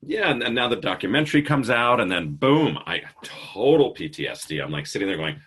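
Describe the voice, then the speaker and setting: Host, male, 50s: very deep, raspy voice, animated storyteller, casual and profane. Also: a little fast, hardly any pauses. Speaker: podcast host. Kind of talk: casual interview chat.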